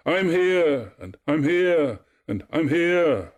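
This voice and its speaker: A man's voice: fairly high pitch, big pitch swings, takes it slowly, voice pushed up. A man voicing a lovestruck female nymph who can only repeat others' last words in desperate, fading cries. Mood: desperate calling.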